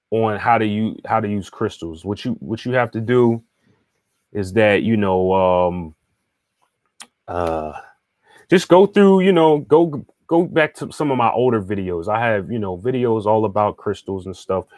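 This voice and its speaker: A man's voice: lowish voice, animated, unhurried, darkish tone, no room sound. Chatty man teaching in a dry voice. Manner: conversational, often checks in with the listener; repeats and restarts phrases while thinking aloud. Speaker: spiritual teacher and astrologer. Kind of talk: casual teaching monologue, answering viewer questions.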